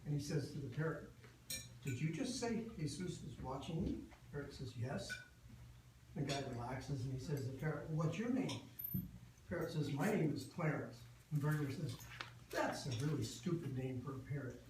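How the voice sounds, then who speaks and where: A man's voice: on the high side, normal speed, noisy background, pitched above the performer's own voice, lightly acted. A man tells a joke to a meeting, voicing the characters as he goes. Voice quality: animated storyteller, voices the characters. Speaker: club member telling a joke. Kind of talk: told joke with acted voices. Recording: echoey room from far off with clatter.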